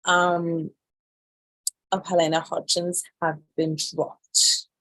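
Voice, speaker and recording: A woman's voice: lowish voice, little pitch movement, slow, fairly bright tone, no room sound, low-quality recording. A woman hosting a live show, chatting about the news and reading headlines aloud with an incredulous, chatty manner. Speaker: host. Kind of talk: casual news commentary livestream.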